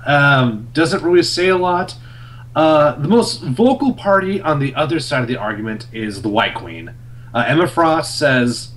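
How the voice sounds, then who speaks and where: A young man on a podcast, recapping a comic in casual chat, full of fillers and quick laughs. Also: fairly high pitch, a little hiss or hum. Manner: animated storyteller, many fillers, laughs often. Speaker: podcast co-host reviewing a comic.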